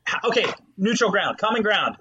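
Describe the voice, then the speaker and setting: A man co-hosts a podcast, chatting and storytelling with animation and plenty of swearing. His high-pitched voice moves fairly quickly, and the audio is dull with a little hiss or hum.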